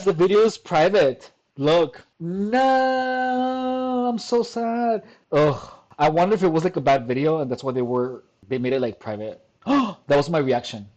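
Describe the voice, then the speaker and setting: Laughing man reading aloud, fairly high voice. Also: a little mellow. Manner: laughs often, reads aloud and stumbles on words. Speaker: commentary vlogger. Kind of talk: casual reaction commentary. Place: home desk at a computer.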